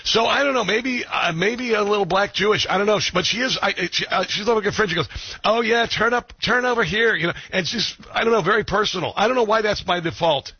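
A man hosting a talk radio show, animated and jokey, bantering with a guest. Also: high-pitched, fast, hardly any pauses, breathy edge, no room sound. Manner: animated, jokey, self-mocking. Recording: dull lo-fi radio audio.

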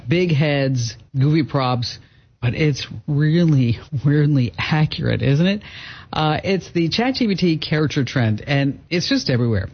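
A man hosting a call-in radio show, chatty and quick to laugh, giving advice to callers and reading ads. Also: medium pitch, slightly rough. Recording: dull broadcast audio.

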